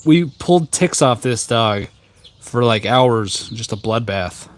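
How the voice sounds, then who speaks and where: A man hosting a casual tea live stream outdoors on a rooftop garden, chatting with viewers in a jokey, rambling, deadpan way with many fillers. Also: mid-range voice, slow pace. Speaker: tea livestream host.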